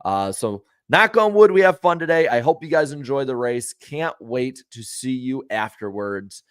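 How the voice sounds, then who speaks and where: A man's voice: mid-range voice, animated, normal speed, smooth, no echo. Male show host, mid-range voice, dry close sound, opinionated casual chatter. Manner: frank, opinionated, conversational; friendly to viewers. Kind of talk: casual pre-race talk.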